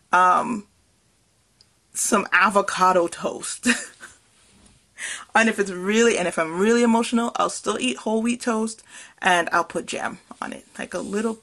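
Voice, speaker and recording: A woman's voice: mid-range voice, fairly bright tone. A woman hosting a podcast, talking alone in an earnest, passionate and self-reflective way, with many fillers and small laughs. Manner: passionate, emphatic delivery. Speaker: podcast host. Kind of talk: reflective solo podcast talk.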